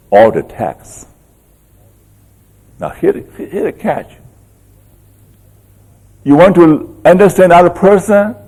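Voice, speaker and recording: Slow, lively male workshop lecturer. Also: a little high, rough recording. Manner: keeps checking in with the audience with "okay?" and "right?"; rhetorical questions, repeats key phrases for emphasis. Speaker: workshop presenter. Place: conference workshop room.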